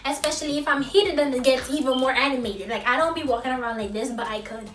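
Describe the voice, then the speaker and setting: A woman from Trinidad talking straight to camera in a casual vlog, very expressive and sometimes dropping to a soft near-whisper. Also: high-pitched, quick pace, echoey room, far from the mic, soft background music. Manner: expressive, softens into near-whisper when vulnerable. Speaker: vlogger. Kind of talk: casual direct-to-camera monologue.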